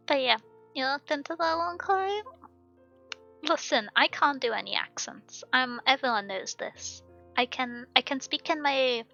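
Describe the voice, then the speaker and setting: A woman's voice: fairly high pitch, sharp tone, dull audio. A woman on a book club stream, chatting casually and rambling with many fillers and restarts. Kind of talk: casual chat.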